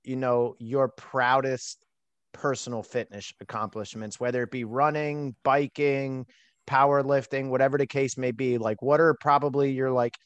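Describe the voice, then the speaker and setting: A man's voice: mid-range voice, flat delivery, normal speed, no room sound, lo-fi sound. A man hosting a podcast in a casual way, swearing freely and restarting his sentences. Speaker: podcast host. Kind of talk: casual interview chat.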